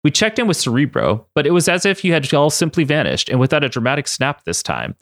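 A man reading as a calm woman tech expert. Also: fairly high pitch, fast talker, dry recording, clean studio sound, voice pushed up.

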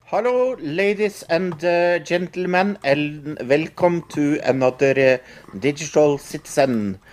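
A woman's voice: sits low, darkish tone, slight background noise. A woman from Norway, a podcast co-host, chatting casually in English as a second language. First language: Norwegian. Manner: slow, unhurried talk with frequent laughs. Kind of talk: casual chat.

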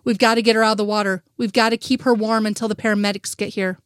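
A woman's voice: medium pitch, level tone, fast talker, clean tone, no room sound, studio quality, lightly acted. A woman voicing a tense male federal agent giving urgent, curt commands in an audio fanfic reading.

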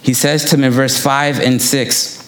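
A man's voice: mid-range voice, level tone, normal speed, fairly bright tone. Give me a man preaching in a church, anecdotal and conversational, with a roomy echo. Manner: conversational, anecdotal, quotes himself. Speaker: preacher and missionary. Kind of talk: sermon with personal storytelling. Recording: echoey church room.

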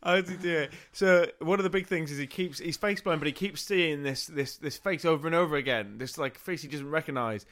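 A man's voice: fairly high pitch, a little fast, hardly any pauses, fairly bright tone. Rambling podcast man. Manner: rambling, restarts, laughs at own jokes. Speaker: podcast co-host. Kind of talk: comic film pitch, casual chat.

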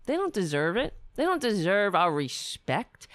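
A woman hosting a live-stream show, ranting and rambling in casual chat as she thinks aloud, her voice going hoarse. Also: medium pitch, big pitch swings, unhurried, few pauses, a bit bright, dry recording, studio quality. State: losing her voice.

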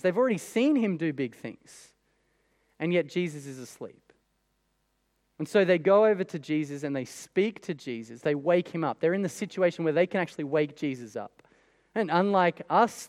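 A man's voice: high-pitched, a little mellow, big-room sound. A man preaching a sermon in a conversational way, with many rhetorical questions. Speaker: pastor.

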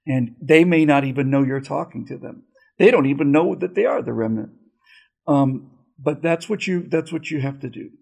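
A male host telling a story in casual chat, pausing and searching for words. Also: fairly high pitch, creaky, darkish tone, husky.

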